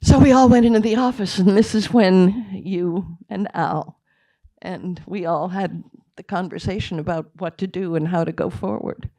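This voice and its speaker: An older woman speaks in a post-screening Q&A, recounting memories in a halting, emotional way. Her voice sits at a middle pitch, and the sound is dry and close. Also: mellow, dry recording. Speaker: film director. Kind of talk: Q&A after a screening.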